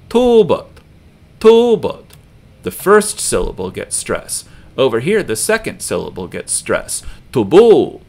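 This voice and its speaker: Patient low-voiced man teaching pronunciation. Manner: slow and patient, repeating example words with loud stress. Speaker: language teacher. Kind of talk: recorded video lesson.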